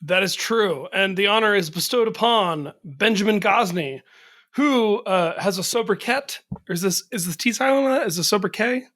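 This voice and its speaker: Higher-voiced man rambling playfully. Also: moderate pace, fairly bright tone. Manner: rambling, playful storytelling with laughs. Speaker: podcast co-host. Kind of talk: casual podcast chat.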